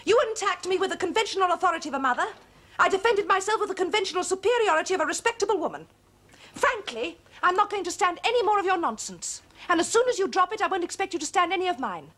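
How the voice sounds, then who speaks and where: An actress playing a cool, self-possessed young college-educated daughter who speaks crisply and precisely, in a period film drama. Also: female voice, extremely high pitch, animated, fast talker, fairly bright tone. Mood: firm. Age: young adult.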